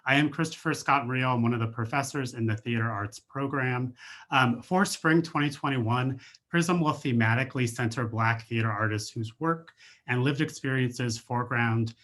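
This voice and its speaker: A man's voice: medium pitch, normal speed, fairly bright tone. A male professor hosting a speaker series, introducing the guest in a friendly way with many fillers, heard over a video call.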